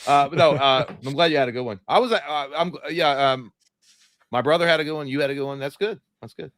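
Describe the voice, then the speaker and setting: A man's voice: fairly high pitch, brisk, a bit bright, dry recording. A man co-hosting a casual live-stream chat show, teasing his partner and swearing. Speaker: podcast co-host.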